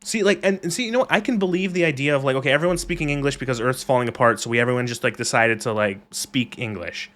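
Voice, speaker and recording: A man's voice: mid-range voice, fast talker, few pauses, fairly bright tone. A man streaming a game live, ranting casually with frequent swearing and reading chat aloud. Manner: rambling, profane, reads chat aloud.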